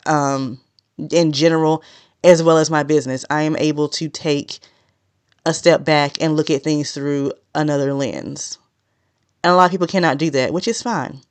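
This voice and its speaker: A woman hosting a solo podcast, talking straight to her listeners in a direct, no-nonsense way and consciously slowing a naturally fast delivery. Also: sits low, no room sound. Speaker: podcast host.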